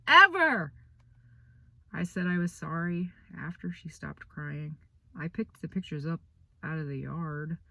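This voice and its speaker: A woman reads a children's novel aloud in a low, unhurried voice, letting the lines breathe. Her delivery swings dramatically from hushed asides to bursts of feeling. The sound is dry and close to the mic. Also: no echo. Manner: dramatic, varied storytelling delivery. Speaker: author reading her own book aloud.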